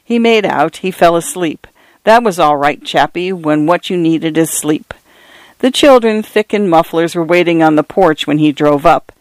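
A man narrating a literary short story in a measured reading voice. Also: on the high side, dry recording. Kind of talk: audiobook narration.

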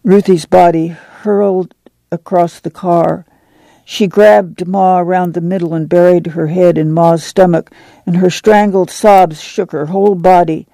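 Male narrator, audiobook, measured delivery, slightly high, mellow tone. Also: gravelly, no room sound. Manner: measured, even storytelling.

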